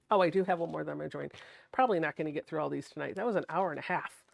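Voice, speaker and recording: A woman hosting a sewing livestream, talking softly and chattily as she thinks aloud while she works. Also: sits low, gravelly, dry recording, studio quality. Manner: soft-spoken, not projecting.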